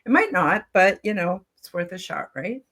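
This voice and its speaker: A woman in her seventies hosting a panel over a video call, talking in a rambling, halting way with lots of fillers and restarts. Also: mid-range voice, very animated, fairly bright tone. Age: 70s. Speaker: show host. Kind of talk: casual panel chat.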